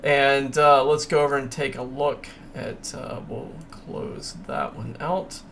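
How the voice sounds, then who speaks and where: A man's voice: medium pitch, fairly even intonation, slow pace, fairly bright tone, a little hiss or hum. A man hosting his own channel, talking casually and emphatically as he walks through price charts, with ranting asides. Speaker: crypto channel host. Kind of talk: casual screen-share chart walkthrough.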